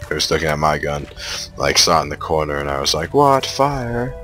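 A man commentating on his own shooter gameplay, excitable and trash-talking the enemies. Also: extremely low pitch, fast talker, faint music behind. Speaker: gamer playing a shooter. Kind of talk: let's play commentary.

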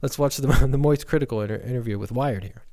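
Male podcast host, quick and teasing, laughs a lot, speaks fast. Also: medium pitch, mellow. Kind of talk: casual podcast banter.

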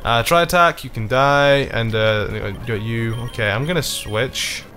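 A man's voice: medium pitch, unhurried, sharp tone, faint music behind. A man commenting casually on his own gameplay, rambling, swearing often, and frustrated but apologetic. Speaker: let's play gamer.

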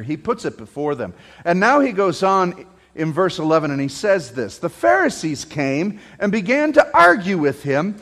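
A male pastor delivering a sermon, asking the congregation rhetorical questions and raising his voice near a shout at peaks. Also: sits high. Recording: long hall reverb.

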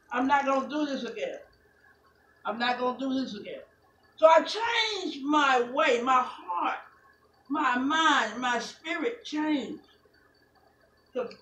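A woman preaching a Pentecostal sermon, moving from quiet talk to shouted, half-sung preaching. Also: high-pitched, a little hiss or hum. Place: church sanctuary. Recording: echoey church from far off. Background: organ playing.

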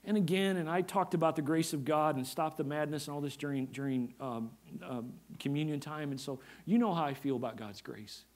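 A man's voice: fairly high pitch, brisk, few pauses. A man preaching a sermon as pastor, emphatic and repetitive, often asking his congregation for an amen. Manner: emphatic, repeats phrases, asks the congregation for amens.

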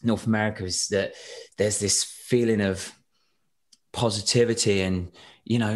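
A young British man, a singer, chatting as a podcast guest and telling animated stories with frequent laughs and restarts. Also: fairly low pitch, a little fast. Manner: animated storyteller, laughs often, many restarts. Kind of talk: casual interview chat.

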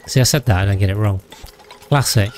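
Guy chatting through a game stream, warm mellow voice, jumps between thoughts. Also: on the low side, brisk, faint music behind. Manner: rambling, thinks aloud, thanks viewers. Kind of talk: casual gameplay livestream chat.

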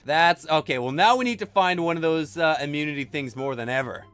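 A gaming YouTuber man with a high, light voice narrates his play in energetic bursts. He exclaims often and says things twice. Faint game music plays behind him. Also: smooth, no echo. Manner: energetic, quick to exclaim, often repeats himself. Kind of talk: excited let's-play commentary.

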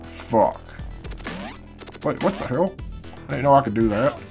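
Talking fast over music, a man with an expressive, creaky, mid-range voice gives casual let's-play commentary. He is half asleep early in the morning, grumbling at the game and swearing constantly.

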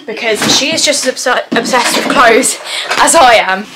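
Chatty young mum, fairly high voice. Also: female voice, moderate pace, heavy background noise. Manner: chatty and rambling, lots of "like". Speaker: vlogger, mum. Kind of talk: casual vlog chat to camera. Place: at home, indoors.

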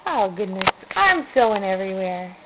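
A woman's voice: medium pitch, sing-song, normal speed, background noise. A woman coaxing a baby in sing-song baby talk, heard on a dull home video recording. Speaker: parent talking to a baby.

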